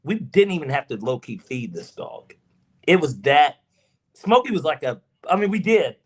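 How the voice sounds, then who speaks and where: A man's voice: a little high, sing-song, normal speed, slightly rough. A man co-hosting a podcast, telling a rambling story in casual chat with restarts and asides. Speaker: podcast co-host.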